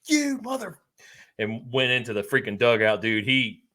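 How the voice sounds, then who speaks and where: A man's voice: on the low side, steady tone, normal speed, sharp tone. A man co-hosting a sports podcast, telling a casual story with lots of fillers, restarts and laughter. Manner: laid-back storyteller, laughs often, many fillers and restarts. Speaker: podcast co-host. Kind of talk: casual chat.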